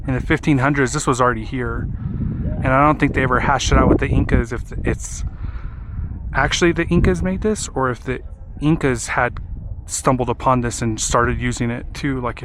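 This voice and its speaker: A man's voice: medium pitch, moderate pace, fairly bright tone. Breathless male travel vlogger outdoors. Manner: breathless, chatty, wondering aloud. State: out of breath at altitude. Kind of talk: casual vlog narration. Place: outdoors at hilltop ruins. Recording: outdoor noise behind the voice.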